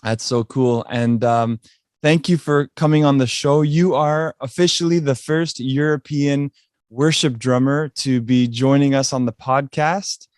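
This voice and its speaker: A man's voice: medium pitch, steady tone, a little slow, darkish tone, no echo. Upbeat podcast host man, dry sound. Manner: upbeat, chatty, many fillers. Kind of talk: casual interview conversation.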